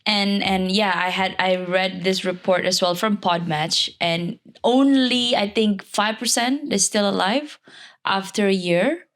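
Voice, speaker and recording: A woman from Malaysia, a lively podcast guest who laughs easily and talks in quick asides. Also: mid-range voice. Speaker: podcast guest, life coach. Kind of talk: casual interview chat.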